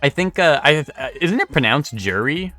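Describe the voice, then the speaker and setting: A man's voice: on the high side, expressive, moderate pace, pushed and bright, faint music behind. A young man streaming live, chatting casually and rambling as he answers his chat.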